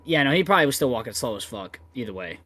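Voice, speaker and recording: A man's voice: mid-range voice, sing-song, racing, pushed and bright, dry recording. A man co-hosting a casual podcast, laid-back, laughing often and repeating himself. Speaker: podcast co-host. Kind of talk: casual chat.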